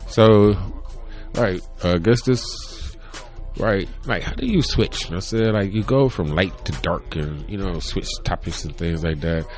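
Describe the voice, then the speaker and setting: A man's voice: sits low, measured pace, a little mellow, soft background music. A man in his thirties hosting his own podcast, rambling casually, laughing often and swearing freely. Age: 30s. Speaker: podcast host. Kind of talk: casual solo chat. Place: home room.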